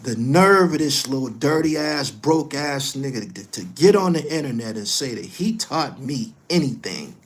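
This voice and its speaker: Guy going off in a cussing rant, middle-aged, keeps repeating himself, gets loud then drops low. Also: expressive, normal speed, few pauses. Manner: profane, scolding, repetitive, swings loud and quiet. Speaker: commentary host. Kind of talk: heated direct-to-camera rant.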